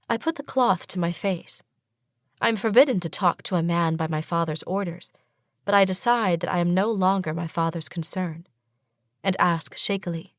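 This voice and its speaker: A woman reading a first-person fantasy audiobook in a measured, even way. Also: lowish voice, no room sound, studio quality. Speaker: audiobook narrator. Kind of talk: scripted first-person narration.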